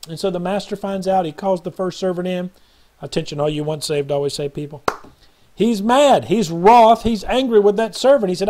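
A man's voice: sits high, a little fast, dark tone. A man preaching an earnest, rambling sermon to his viewers and acting out the voices of a parable he retells. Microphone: webcam or phone video.

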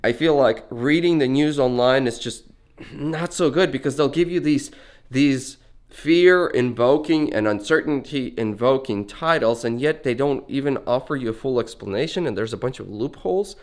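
Male vlogger, mid-pitched, earnest, meandering delivery, talking on the move. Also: normal speed. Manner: rambling, earnest, conversational; talking while walking around. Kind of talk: casual reflective monologue.

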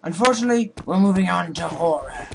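A man's voice: high-pitched, animated, fast talker, gravelly, slight background noise. A man commentating on a horror game, sarcastic and jokey, swearing now and then. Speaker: gaming video host.

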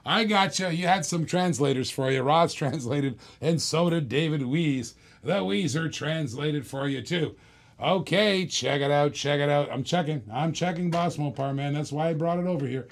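A man's voice: fairly high pitch, normal speed, creaky. Chatty live-stream auctioneer man. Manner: chatty auctioneer patter, jokes with chat. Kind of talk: live-stream diecast car auction patter.

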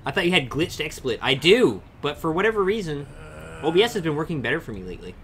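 A man's voice: a little high, very animated, quick pace, a bit bright, slight background noise. A young man chatting casually with viewers on a game livestream, swearing freely and answering chat. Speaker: game streamer. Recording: faint music behind the voice.

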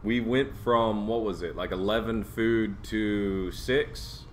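A man casually commenting as he plays a strategy game, reacting with sudden high exclamations. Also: steady tone, takes it slowly, slight background noise. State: has the hiccups. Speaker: gameplay streamer. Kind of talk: casual let's play commentary.

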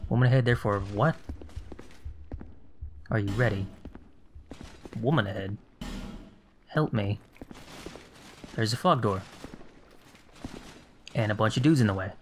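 A man with a fairly low voice talks through his game session in a loose, offhand way. He mutters asides and sarcastic remarks to himself as he plays. A steady noise sits under the recording. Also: unhurried, pauses often. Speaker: gameplay commentator. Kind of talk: casual let's-play commentary.

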